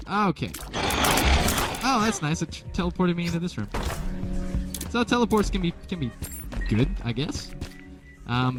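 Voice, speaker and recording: A young man giving casual, rambling gameplay commentary with jokes at his own expense. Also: medium pitch. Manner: rambling, jokey, self-deprecating. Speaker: let's play commentator. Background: game music.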